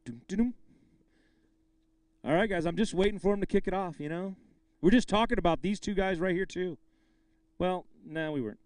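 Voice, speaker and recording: A man's voice: sits high, moderate pace, long pauses, a little mellow, dry recording. A man emceeing a live fishing tournament weigh-in, bantering with anglers and calling out the weights with bursts of hype.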